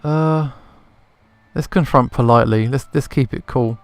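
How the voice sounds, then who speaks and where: Male gamer commentating casually, halting, mid-pitched. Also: dry recording, faint music behind. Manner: thinking aloud, hesitant restarts. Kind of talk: casual let's play commentary.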